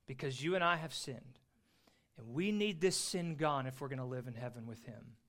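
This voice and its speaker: A man teaching an adult Bible class, earnest and emphatic, slowing down to stress key phrases. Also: mid-range voice, fairly bright tone.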